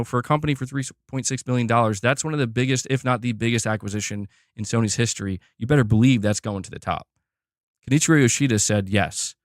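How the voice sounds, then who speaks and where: A man's voice: mid-range voice, no echo, clean studio sound. A man giving blunt, opinionated commentary on gaming news, emphatic and repeating himself as he pushes his point.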